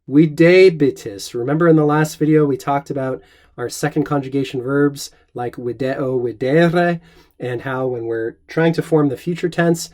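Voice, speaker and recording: Man, middle-aged, mellow tone, slightly high voice, calm encouraging Latin teacher. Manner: measured and encouraging, reads Latin aloud slowly. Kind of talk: scripted Latin lesson.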